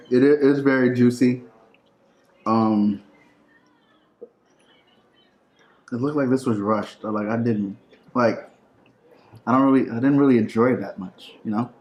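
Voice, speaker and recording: A man's voice: mid-range voice, a little mellow, lo-fi sound. A man hosting a casual food review vlog, talking in a playful, teasing way at home. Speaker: food vlogger host. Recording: echoey room with faint noise.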